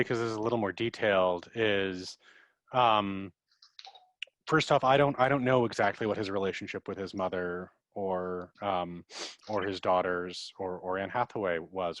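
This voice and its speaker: Low-voiced man explaining verse rhythm. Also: normal speed, a bit bright, no echo. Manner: thoughtful, chatty, repeats words, taps out verse rhythm aloud. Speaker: dramaturg. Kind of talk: answering audience questions in an online talk.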